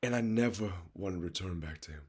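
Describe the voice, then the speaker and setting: A man's voice: low voice, quick pace, slightly rough. A man giving a raw, earnest, confessional monologue of life advice, speaking straight to the listener, blunt and swearing freely.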